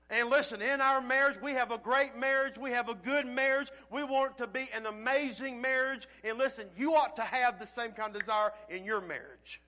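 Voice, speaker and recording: A male pastor preaching a sermon with folksy phrasing, swinging from loud calls to quiet, low passages.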